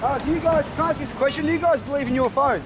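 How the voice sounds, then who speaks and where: Aussie guy doing a goofy street interview, rambly, ums everywhere, quick talker. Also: very high-pitched, noisy background. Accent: Australian. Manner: rambling, full of ums, laughs at own jokes. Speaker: sketch show host playing an interviewer.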